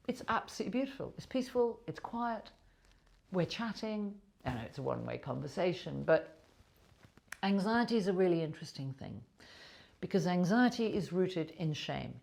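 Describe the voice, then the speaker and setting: A woman's voice: fairly low pitch, gravelly, warm tone. A middle-aged woman, a trauma therapist, talking frankly and emphatically to camera from her own recording device. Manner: frank and emphatic, candid, sometimes salty. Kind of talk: reflective talk to camera.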